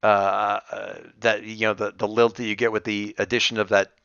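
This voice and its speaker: A man running a tabletop game, thinking aloud with many halting restarts. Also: fairly low pitch, level tone, vocal fry, a bit bright, clear, resonant tone, dry recording, dull audio. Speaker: game master.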